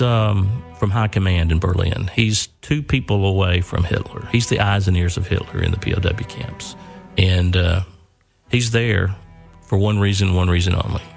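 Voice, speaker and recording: An older man earnestly telling a family war story, pausing and repeating words as he goes. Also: deep voice, creaky, faint music behind. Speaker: son telling his father's war story.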